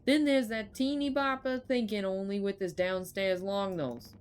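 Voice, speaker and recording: A woman's voice: medium pitch, normal speed, a little hiss or hum, natural voice. A woman voicing a bitter middle-aged male mechanic in a put-on accent, grumbling and scornful. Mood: gruff. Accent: put-on regional accent.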